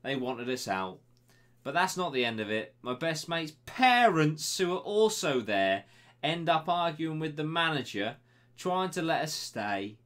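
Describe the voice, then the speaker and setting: A man's voice: a little high, big pitch swings, a little slow, a bit bright. Sarcastic young man reading emails. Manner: banter-heavy, sarcastic asides to the sender. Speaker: web show host reading listener emails. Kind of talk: casual swearing storytelling and email reading.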